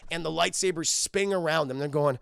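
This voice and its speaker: A man reviewing a film live for his viewers, animated and profane, acting out scenes as he goes. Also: a little high, fairly quick, vocal fry, clean tone, no echo.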